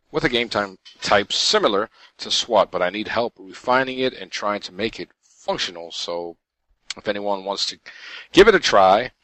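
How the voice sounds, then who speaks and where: Brief: male co-host, lowish voice with lots of pitch movement, bright and dry, playful. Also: no room sound, rough recording. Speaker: podcast co-host. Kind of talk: casual chat, reading listener mail.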